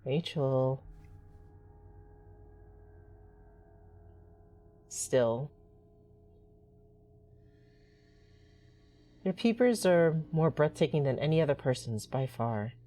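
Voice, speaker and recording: A woman voicing a creepy, soft-spoken male doctor obsessed with eyes, reading game dialogue aloud in a slow, sinister croon. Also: deep voice, animated.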